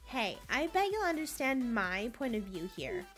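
A woman's voice: a little high, sing-song, moderate pace, music in the background. A woman voicing a fed-up young woman who scolds her sister over the housework. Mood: indignant. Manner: indignant, scolding.

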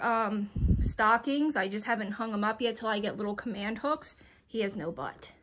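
A woman's voice: a little high, a bit bright. A woman vlogging from inside her home and chatting casually through a tour of her holiday decor, affectionate and full of little fillers.

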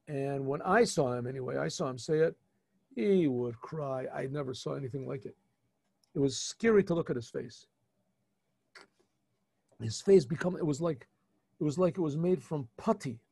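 Rabbi retelling a story, mellow voice. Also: male voice, on the high side, normal speed, vocal fry, long pauses, slightly rough, no room sound. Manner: animated retelling with frequent restarts and asides. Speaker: rabbi teaching a yeshiva class. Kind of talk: informal storytelling lesson.

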